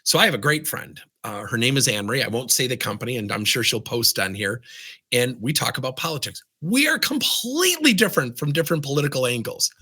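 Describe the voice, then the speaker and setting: Energetic male coach, lively swooping delivery, slightly husky tone. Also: mid-range voice, fast. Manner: animated, asks rhetorical questions. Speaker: business coach. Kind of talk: lively coaching talk to camera.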